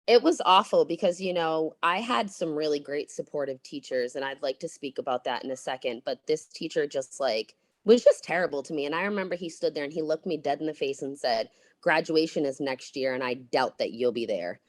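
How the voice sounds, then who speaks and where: A woman's voice: deep voice, a little fast, hardly any pauses, dry recording. A woman in her thirties, a podcast guest telling her story bluntly and candidly, swearing freely.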